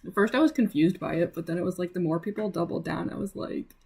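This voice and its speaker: A woman's voice: on the low side, fast, gravelly, darkish tone, breathy edge. A young woman streaming live as she draws, chatting casually with viewers, full of fillers and little laughs. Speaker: livestreaming artist. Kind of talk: casual livestream chat.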